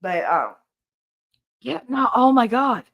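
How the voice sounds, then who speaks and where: A woman's voice: on the high side, big pitch swings, slow. Blunt, profane woman telling a story. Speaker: podcast host. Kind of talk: casual storytelling. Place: home office.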